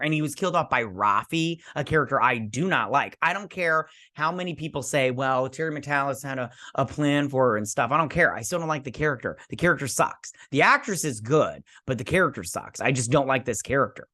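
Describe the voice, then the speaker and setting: Male recapper, rambling casual delivery, dry close sound, mid pitch. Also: expressive, brisk, few pauses, bright, forceful tone, dry recording. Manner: rambling, acting out quotes in passing. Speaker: show recapper.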